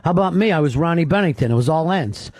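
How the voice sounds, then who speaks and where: A man hosting a talk radio show, joking, profane and quick with teasing remarks. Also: on the high side, animated, a little mellow, no echo. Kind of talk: casual talk radio banter.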